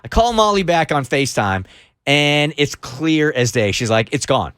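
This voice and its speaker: A middle-aged man hosting a radio show and telling a story in an animated, quick way. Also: on the high side, clear, resonant tone, no room sound, clean studio sound.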